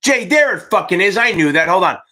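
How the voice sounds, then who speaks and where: A man hosts a livestreamed exam-prep Q&A, rambling off on tangents and swearing freely while he hypes up his students. His voice sits a bit high and swings widely in pitch. The tone is bright and forceful. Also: sing-song, fairly quick. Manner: profane, rambling, hyped-up cheerleading. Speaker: exam prep tutor hosting a live Q&A. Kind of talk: livestream Q&A chat.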